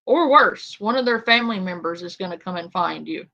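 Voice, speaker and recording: A woman's voice: fairly low pitch, expressive, brisk, vocal fry, sharp tone, highs cut off. Sarcastic woman reacting to a clip. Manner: sarcastic, blunt, swearing. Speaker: reaction streamer. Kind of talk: casual commentary on a clip.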